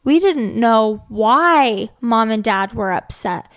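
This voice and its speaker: A woman's voice: fairly high pitch, animated, takes it slowly. A young woman co-hosting a parenting podcast, chatting in a rambling way with lots of "like"s and restarts. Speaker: podcast co-host. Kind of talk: casual chat about parenting.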